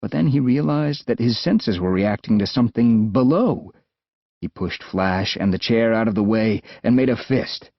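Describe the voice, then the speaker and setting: A man with an American accent narrating an adventure audiobook in a lively, expressive way. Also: lowish voice, moderate pace, no echo. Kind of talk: scripted narration. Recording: dull, dry studio sound.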